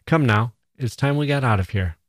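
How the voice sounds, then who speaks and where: A man voicing a young male doctor who talks in a merry, flippant way and stays calmly in charge. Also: mid-range voice, normal speed, no echo, clean studio sound, voice pushed up, natural voice. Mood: humoring, brisk.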